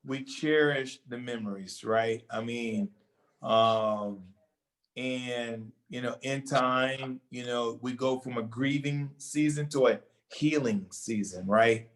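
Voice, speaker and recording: A man's voice: medium pitch, slow pace, poor audio. An older man in casual talk show conversation, speaking reflectively and hesitantly with many fillers.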